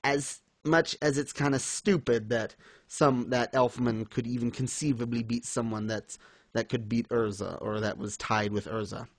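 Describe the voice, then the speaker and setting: A man's voice: steady tone, moderate pace, no echo. Young guy ranting about a comic, exasperated, dry sound no room. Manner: exasperated, ranting, acts out quotes in high mocking voices. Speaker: podcast co-host reviewing manga. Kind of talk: casual critical chat.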